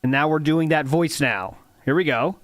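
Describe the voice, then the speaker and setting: A man's voice: fairly high pitch, moderate pace, background noise. A man hosting a podcast, rambling with many fillers as he comments casually on old video footage. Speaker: podcast host.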